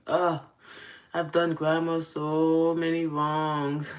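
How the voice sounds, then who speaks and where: A woman's voice: deep voice, fairly even intonation, drawn-out words. A young adult woman casually telling confessional stories, often breaking into laughter. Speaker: host. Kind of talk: casual storytelling.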